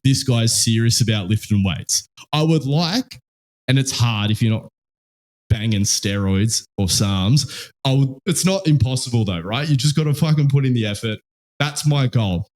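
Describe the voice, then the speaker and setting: A man's voice: mid-range voice, animated, moderate pace, darkish tone. A young man with an Australian accent hosting a podcast, telling rambling stories in casual chat and swearing constantly. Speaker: podcast host.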